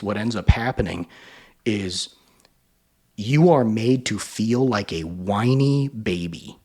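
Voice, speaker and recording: A man's voice: fairly low pitch, darkish tone, husky. A man giving emphatic reaction commentary on a video, now and then mocking others in a sneering voice.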